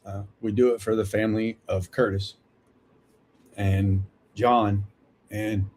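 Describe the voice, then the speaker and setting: A man's voice: lowish voice, level tone, takes it slowly, a little mellow. A man in his fifties hosting a live talk, earnest and reflective, often checking in with "right?". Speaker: host of a veterans support livestream.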